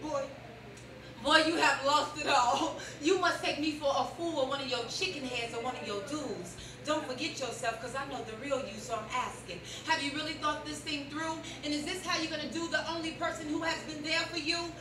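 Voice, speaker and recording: A woman's voice: high voice, fairly quick, few pauses, noisy background. A woman performing stand-up and a spoken-word poem on a club stage, sassy and playful, leading the crowd. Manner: sassy, playful, leads the crowd in call-and-response. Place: comedy club stage before a live audience. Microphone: handheld stage mic heard from a distance. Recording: echoey club, distant mic, loud crowd.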